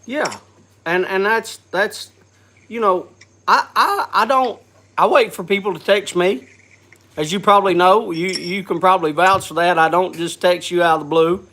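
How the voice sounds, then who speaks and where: Congested man, fairly high voice, halting casual chat, frequent coughs and restarts. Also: bright, forceful tone. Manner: halting, restarts with repeated words. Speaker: host.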